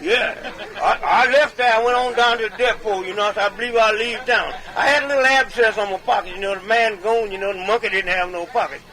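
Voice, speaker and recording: A man's voice: high voice, fairly quick, sharp tone, low-quality recording. A man telling comic tall tales in a folksy, drawling way, chuckling between punchlines like a medicine show comedian. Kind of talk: comic tall-tale storytelling.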